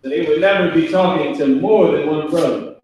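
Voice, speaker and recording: A man's voice: fairly high pitch, a little fast, a little mellow, a little hiss or hum. Guy teaching a class, joking around in slang, sounds far off in a big echoey room. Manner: loose, jokey, slangy, acts out kids' voices. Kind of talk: live online class, loose joking talk. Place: classroom with a whiteboard. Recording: echoey room, speaker away from mic.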